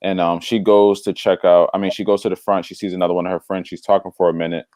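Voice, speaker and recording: A man in casual conversation telling a story, animated and slangy, acting out the voices of the people in it. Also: sits low, fast talker, no room sound, studio quality. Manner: slangy, drops "bro". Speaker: devotional podcast co-host.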